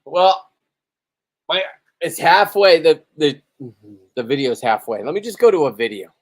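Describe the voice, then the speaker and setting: A man's voice: on the high side, sing-song, a little slow. A loose, rambling man talks straight to his viewers on a livestream, a little tipsy after a few beers. He swears freely and boasts between stray asides in a casual, unscripted way. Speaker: livestreaming spearfisherman.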